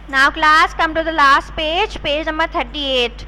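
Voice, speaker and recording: A woman teacher spelling vocabulary words letter by letter and reading a story aloud to her class in a measured way. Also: high voice, fairly even intonation, sharp tone, slight background noise, low-quality recording. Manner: spells words slowly letter by letter, then repeats them. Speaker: school teacher.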